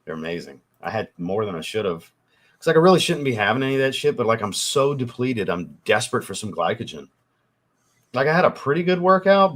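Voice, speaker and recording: A man hosts a casual fragrance livestream from home, talking loosely and swearing freely as he answers viewers. He is getting over a cold and coughs now and then. His voice sits a bit low. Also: fairly bright tone. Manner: loose and profane, swears often. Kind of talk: casual livestream chat reading comments.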